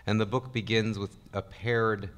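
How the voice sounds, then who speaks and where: Low-voiced man moderating a panel. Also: little pitch movement, normal speed, fairly bright tone, clear, resonant tone. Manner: thoughtful questions, agreeable, hesitant. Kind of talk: panel interview. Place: convention panel room.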